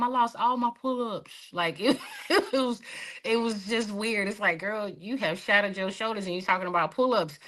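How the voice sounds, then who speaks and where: A woman in her thirties, a Marine veteran, telling her personal story in a lively, expressive way with frequent laughs. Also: medium pitch, low-quality recording. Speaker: podcast guest, Marine veteran. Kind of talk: casual storytelling.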